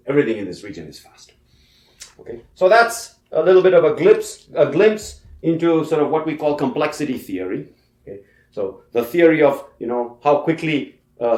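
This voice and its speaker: A man's voice: medium pitch, a little mellow. A man giving a university lecture in a conversational way, often saying "okay" and "you know", and stressing points with emphasis. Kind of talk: classroom lecture. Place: lecture room. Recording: echoey lecture hall.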